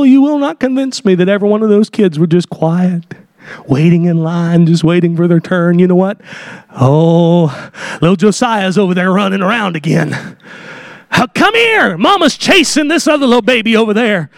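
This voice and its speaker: High-voiced preacher, bursts into shouts. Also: male voice, no echo, clean studio sound. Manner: impassioned, rising to shouts. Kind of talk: sermon.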